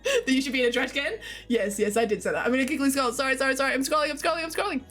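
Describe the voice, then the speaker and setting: Australian woman, streamer, giggly chatty tone, slightly high voice, faint music behind. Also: animated, very fast, fairly bright tone. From Queensland, Australia. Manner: giggly, chatty, talks to chat. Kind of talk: casual chat with live chat.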